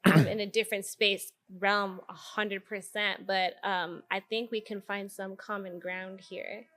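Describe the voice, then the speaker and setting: A woman's voice: medium pitch, measured pace. Blunt, profane woman guest. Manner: blunt, profane, animated storytelling. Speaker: guest, photojournalist and activist. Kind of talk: candid conversational interview.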